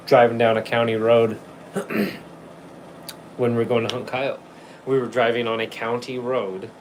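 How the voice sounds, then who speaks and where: A man's voice: on the low side, noisy background. A man hosting a casual livestream, rambling through hunting stories, swearing freely and laughing often while he reads chat. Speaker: livestream host.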